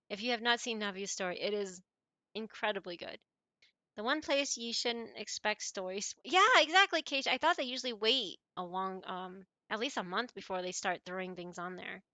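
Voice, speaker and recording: A bright, forceful woman streamer talks into a dry, close microphone, chatty and emotive as she answers her chat. She rambles, reacts openly, and sounds like she is talking straight to her viewers. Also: mid-range voice, no echo. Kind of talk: casual chat with live viewers.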